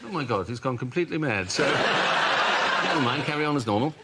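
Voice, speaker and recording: A man's voice: mid-range voice, animated, fast talker, over a noisy crowd, close to an everyday voice. A man playing a bumbling, flustered posh British prime minister in an improvised comedy sketch. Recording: loud noise and audience laughter.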